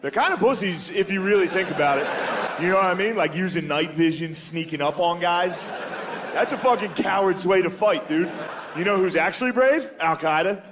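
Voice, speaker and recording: A male stand-up comedian telling crude jokes in a deadpan way, often slipping into quick impressions. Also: sits high, background noise.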